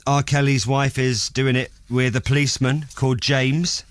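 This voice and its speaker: A man's voice: mid-range voice, little pitch movement, normal speed, no room sound. A man hosting a radio show in a studio, chatting in a jokey, teasing way. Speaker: radio host. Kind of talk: playful radio chat. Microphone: studio microphone.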